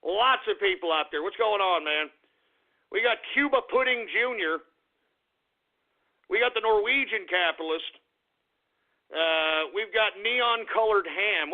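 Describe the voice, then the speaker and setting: A man's voice: high voice, expressive, a little slow, pauses often. A man hosting a comedic radio show, ranting crudely and brashly in mock fury. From Texas. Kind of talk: comedic call-in radio rant. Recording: tinny lo-fi phone-like audio.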